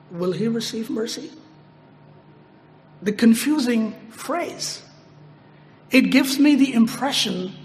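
Slow, high-voiced preacher in a reverberant hall. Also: male voice, slight background noise. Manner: slow, emphatic, repeats phrases, rises sharply on quoted prayers. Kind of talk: sermon.

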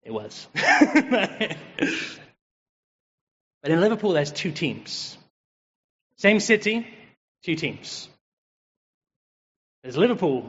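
High-voiced English man preaching. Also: very slow, pauses often. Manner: lively, joking and chatty. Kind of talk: conversational sermon. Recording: dull, reverberant hall sound.

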